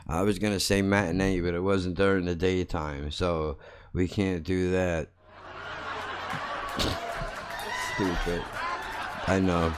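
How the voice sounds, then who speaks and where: A man's voice: deep voice, clear, resonant tone. A man hosting a podcast, telling a story in a blunt, heavily profane, casual comedic way and mocking himself as he goes. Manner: self-mocking, laughs at his own jokes. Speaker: podcast host.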